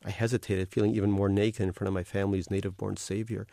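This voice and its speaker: Author reading his fiction: wry, deadpan male narrator, very dry close sound. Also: lowish voice, fast talker, gravelly, no room sound. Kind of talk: literary reading.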